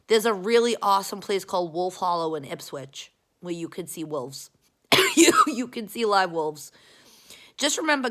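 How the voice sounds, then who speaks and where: A woman's voice: fairly low pitch, fairly bright tone. A young woman, rambling casually and profanely to her viewers in a self-mocking way. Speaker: vlogger.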